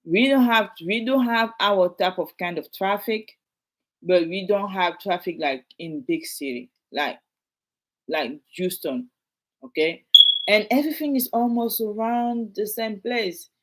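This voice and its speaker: A woman's voice: medium pitch, a little slow. A woman in her thirties, a realtor and native French speaker with a French accent, talking casually and emphatically to her viewers in a vlog. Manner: animated, repetitive, emphatic, addresses viewers directly. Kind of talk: casual vlog talk to camera.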